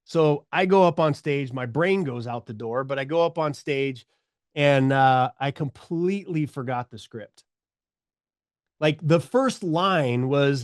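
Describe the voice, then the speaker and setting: Middle-aged male podcast guest, lively storyteller, slightly higher voice, dry close mic. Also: normal speed, dry recording. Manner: animated storyteller, acts out quoted voices.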